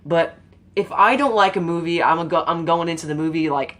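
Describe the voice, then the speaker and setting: A woman's voice: lowish voice, brisk, a bit bright. A woman giving an earnest, rambling opinion monologue to her viewers, casual and emotional, with fillers and some swearing. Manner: rambling, informal, with frequent fillers and mild swearing. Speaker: YouTube commentator.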